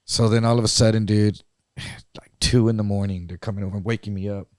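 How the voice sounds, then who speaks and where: A man co-hosting a podcast, telling a story in a casual, profane and animated way. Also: on the low side, brisk, no room sound, studio quality. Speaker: podcast co-host.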